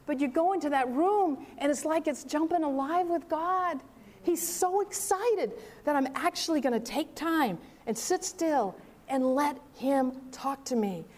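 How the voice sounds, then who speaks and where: High-voiced older woman telling a story. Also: a little slow. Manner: animated storyteller acting out dialogue. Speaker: speaker. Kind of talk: sermon storytelling.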